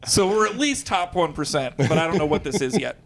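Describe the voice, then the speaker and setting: A man, a comedian and guest, telling a story in casual conversation, animated and quick to laugh, acting out bits of dialogue. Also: fairly high pitch, a loud crowd. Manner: animated, breaks into laughter, acts out lines of dialogue.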